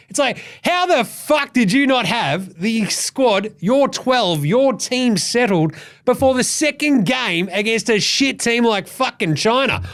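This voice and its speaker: Aussie male sports host, high-pitched, lively, profane ranter. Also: unhurried. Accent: Australian. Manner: loud, sweary, animated. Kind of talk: ranting sports commentary.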